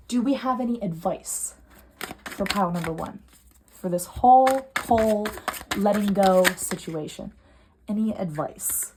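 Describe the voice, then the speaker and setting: A young adult woman giving a pick-a-card tarot reading at home, earnest and emotional, swinging from soft to heated. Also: medium pitch, a little hiss or hum. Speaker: tarot reader. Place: home room.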